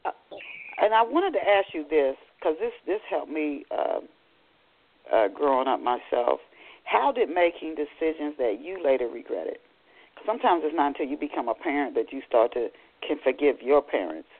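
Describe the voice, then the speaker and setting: A radio show host interviewing a guest, chatty and conversational, often repeating words. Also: female voice, low voice, expressive, moderate pace. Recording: tinny phone-line sound.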